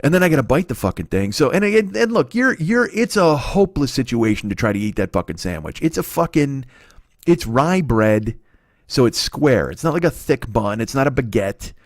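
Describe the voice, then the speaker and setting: A man in his forties hosting a comedy podcast, telling a story in a profane, animated, exaggerating way. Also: medium pitch, moderate pace, no room sound, clean studio sound. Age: 40s.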